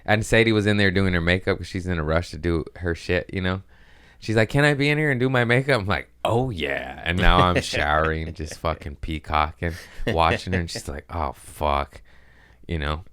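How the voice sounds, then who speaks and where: A deep-voiced man rambles through a casual podcast monologue, peppered with profanity and self-mockery. His voice is smooth and resonant. The sound is dry and close, with no room around it. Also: fairly bright tone, no room sound. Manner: profane, self-mocking, drifts between quick asides and mumbled lines. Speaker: podcast host.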